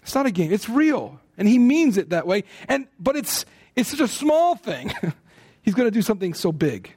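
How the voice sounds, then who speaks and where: A middle-aged man preaching a sermon in a relaxed, conversational way, with playful asides. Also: high voice, moderate pace, breathy edge. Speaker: pastor.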